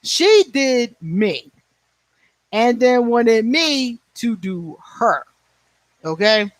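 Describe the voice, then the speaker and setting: A man in his forties, his voice pitched high, chats on a livestream in a blunt, profane way, laughing often and thanking viewers by name. The sound is dry and close, with no room echo. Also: big pitch swings, extremely slow. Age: 40s. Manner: answers viewer comments by name. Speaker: livestream host. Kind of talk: casual livestream chat.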